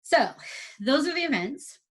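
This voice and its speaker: A woman telling a lively, casual story about competing for the first time as an amateur athlete. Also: sits high, measured pace. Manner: chatty, animated retelling with quoted dialogue.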